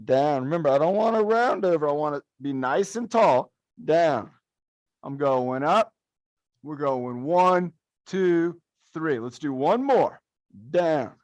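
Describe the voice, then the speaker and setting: Young male fitness coach, upbeat and encouraging, slightly high voice, dry close sound. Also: no echo. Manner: upbeat, encouraging, playful counting and cueing. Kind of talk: live adaptive fitness class instruction. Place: fitness studio.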